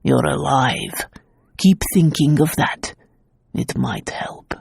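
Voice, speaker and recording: A woman voicing a gruff, protective middle-aged uncle in an audiobook, speaking gravely and bluntly. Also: very animated, takes it slowly, a little mellow, no echo, clean studio sound, full character voice. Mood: tender. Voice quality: low, gravelly and husky. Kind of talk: audiobook character voice.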